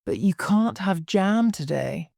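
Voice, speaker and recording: A woman voicing a fussy, scatterbrained old queen who talks in a high, fluttery way and breaks into wailing cries. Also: animated, slow, vocal fry, dark tone, no room sound, clean studio sound.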